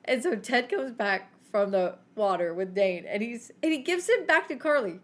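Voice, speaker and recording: Podcast co-host, woman, slightly high voice, animated storyteller who laughs through her stories. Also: normal speed. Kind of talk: casual storytelling chat.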